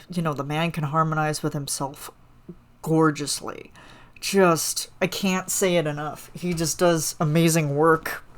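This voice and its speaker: A woman hosting a solo podcast, gushing about a song in a rambling, casual way full of fillers. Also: deep voice. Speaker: podcast host reacting to a song.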